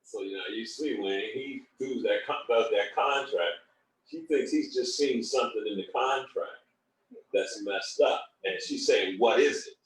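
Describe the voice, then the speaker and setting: A man's voice: medium pitch, a little slow. A man co-hosting a relationship discussion, explaining things in a conversational way with personal stories. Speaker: co-host. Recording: roomy echo from a distant mic.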